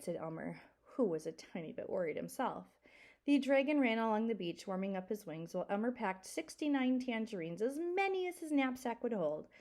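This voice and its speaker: Woman teacher reading aloud to second graders, expressive, lively pitch. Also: brisk. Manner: expressive, asks the class questions. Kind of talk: reading a children's book aloud to a class.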